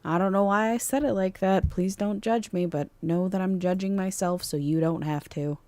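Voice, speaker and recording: A woman's voice: mid-range voice, steady tone, moderate pace, darkish tone, no room sound. A woman streaming live, chatting casually and joking about herself while reacting to a cooking video. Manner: playful, self-joking, chatty asides to chat. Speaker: VTuber streamer.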